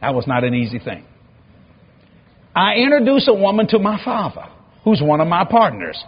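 Pastor in his fifties, lively storyteller, acts out every voice, high and swooping, dull lo-fi sound. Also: moderate pace, slightly rough. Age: 50s. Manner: animated, acts out dialogue, laughs often. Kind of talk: storytelling sermon.

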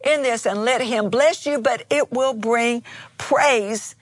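A woman's voice: a little high, slow, no echo. A woman minister co-hosting a televised preaching broadcast, telling stories and exhorting earnestly. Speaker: minister and co-host.

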